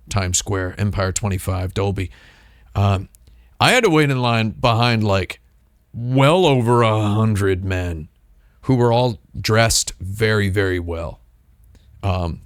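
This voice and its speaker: A man's voice: fairly low pitch, smooth, no echo, clean studio sound. A man hosting a casual livestream, rambling through a story with lots of fillers and restarts. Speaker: streamer host.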